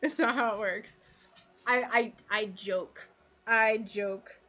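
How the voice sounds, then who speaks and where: A woman chatting casually with her live-stream viewers while she crafts stained glass, playful and quick to laugh. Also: fairly high pitch, fairly even intonation, bright, forceful tone, faint music behind. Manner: chatty and playful, laughs often, talks to chat.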